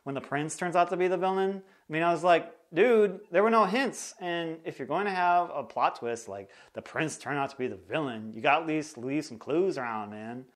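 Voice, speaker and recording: A man's voice: on the high side, brisk, hardly any pauses. A man teaching a casual music theory lesson in a joking, sarcastic, chatty way.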